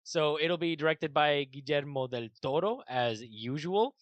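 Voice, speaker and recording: Co-hosting a casual podcast, a man in his 20s laughs a lot, teases his friend, and keeps returning the talk to the news. His voice is a little high and unhurried, with no echo.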